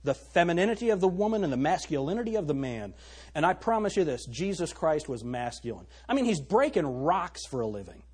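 A man's voice: on the high side, big pitch swings, fairly quick, a little mellow, breathy edge. A male pastor preaching a sermon, reading scripture aloud and pressing the congregation with emphatic rhetorical questions.

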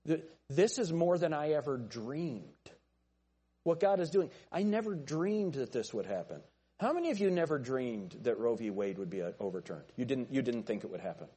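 A middle-aged male pastor gives a folksy sermon in a church, cracking jokes with the people in the pews. His voice is husky and mellow, and his pitch swings up and down a lot as he talks. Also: lively intonation, normal speed. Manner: folksy, joking with the congregation. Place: church sanctuary.

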